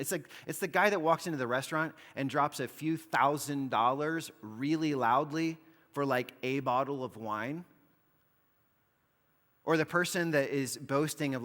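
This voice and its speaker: A man's voice: medium pitch, moderate pace, fairly bright tone. A man preaching a sermon with a mid-range voice. He explains things conversationally, filling his talk with casual "like"s. His voice rings with the long reverb of a church hall. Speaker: pastor.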